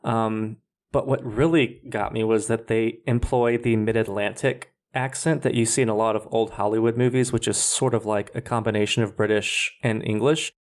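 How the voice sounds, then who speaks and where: A man's voice: fairly low pitch, steady tone, moderate pace. Man explaining at length, lots of ums. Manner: explanatory, hesitant with many ums. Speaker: podcast co-host. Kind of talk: casual chat.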